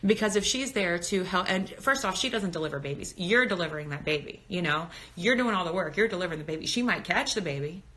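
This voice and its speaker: A woman's voice: lowish voice, lively intonation, fast, hardly any pauses, fairly bright tone. A woman in her thirties chatting casually and candidly on a phone live stream, answering viewers' comments. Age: 30s. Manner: candid, talkative, reads comments aloud. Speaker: birth educator on Instagram live.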